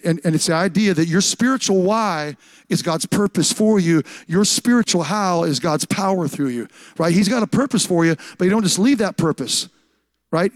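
A man's voice: fairly high pitch, dry recording. A man preaching a sermon as pastor, emphatic and repetitive, often restarting his words.

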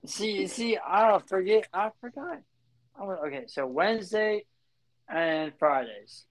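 Chill guy, slightly high voice, agreeing along on a podcast. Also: animated, measured pace. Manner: agreeable, easygoing. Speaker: co-host. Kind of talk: casual podcast chat.

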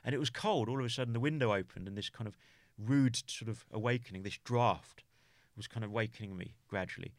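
A UK podcast guest with a voice on the low side recounts a personal story, halting along with many restarts and "you know" fillers. The recording is studio quality, with no room sound.

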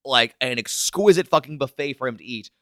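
A man co-hosting a podcast in casual chat, animated, laughing often and restarting his sentences. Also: mid-range voice, a little fast, no room sound, studio quality. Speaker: podcast co-host.

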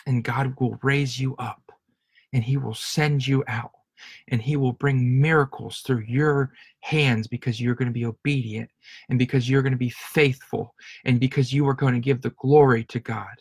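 A man preaching with earnest feeling, circling back over his words and repeating phrases for emphasis. His voice sits at an ordinary middle pitch. The sound is close and dry, with no room echo. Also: fairly even intonation, normal speed, breathy edge. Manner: earnest, repetitive, stumbling restarts. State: emotional. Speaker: pastor. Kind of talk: sermon.

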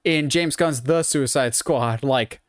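A podcast co-host with a mid-range voice chats casually about casting choices. The delivery is animated and sarcastic, full of mock quotes. The recording is dry and close. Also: medium pitch, slow, dry recording.

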